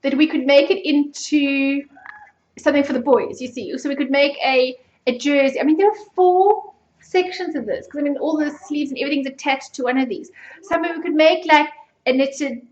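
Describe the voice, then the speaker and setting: A woman's voice: high voice, moderate pace, roomy sound, highs cut off. A South African woman hosting a podcast, chatting casually and mocking herself with frequent laughter. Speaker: podcast host. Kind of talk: casual chat.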